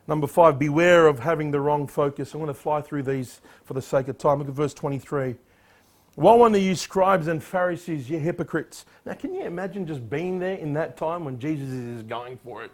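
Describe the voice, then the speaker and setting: A man preaching with a high voice, reading scripture in a loud, declamatory tone. Between readings he exhorts his listeners and his pitch jumps upward on the key words. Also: a little fast. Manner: emphatic, rising sharply on exhortations; reads scripture in a louder, declamatory voice. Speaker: pastor.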